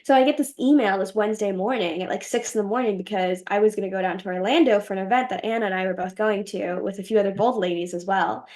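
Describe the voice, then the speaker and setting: A young woman with a mid-range voice talks fast and barely pauses as she tells a story as an interview guest on a podcast with a host. She's bubbly and giggly, acting out her own reactions by quoting herself in animated voices.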